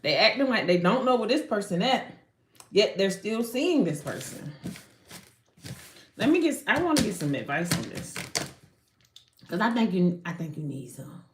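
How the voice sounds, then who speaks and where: A woman giving a live tarot reading in an animated, slangy way, swearing and often breaking off mid-sentence. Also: medium pitch, moderate pace, pauses often, echoey room. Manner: animated, slangy, swears, frequent self-interruptions. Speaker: tarot card reader.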